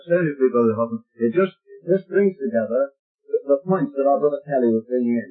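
Man, Bible study leader, lively pitch, emphatic and measured, dull old tape recording. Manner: measured, emphatic, slow over quoted verses. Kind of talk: teaching and leading group discussion.

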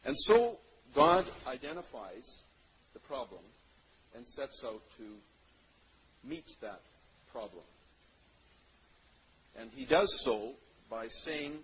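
A man's voice: medium pitch, lively intonation, slow pace, pauses often, a crowd in the background. Emphatic male preacher, dull lo-fi recording. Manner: emphatic, swings between loud stresses and quiet trailing phrases. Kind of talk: sermon with scripture reading. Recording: dull lo-fi sound.

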